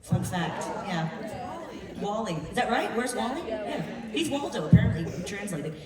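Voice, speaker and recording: A woman's voice: medium pitch, big pitch swings, moderate pace, loud music behind the voice. A woman moderating a convention panel, bubbly and chatty as she asks questions. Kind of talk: hosting a fan panel. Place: large convention hall. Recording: echoey hall, distant, crowd behind.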